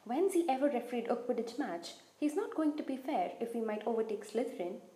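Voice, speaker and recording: A woman's voice: fairly high pitch, animated, fairly quick, dark tone, roomy sound, close to an everyday voice. A woman voicing an indignant teenage boy who splutters in a raised voice.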